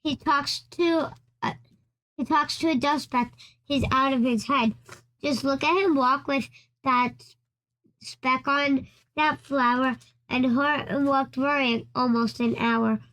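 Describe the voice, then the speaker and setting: A woman's voice: sits high, fairly even intonation, slow pace, a bit bright. A woman reading a children's storybook aloud, often stumbling and restarting lines. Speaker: storybook reader.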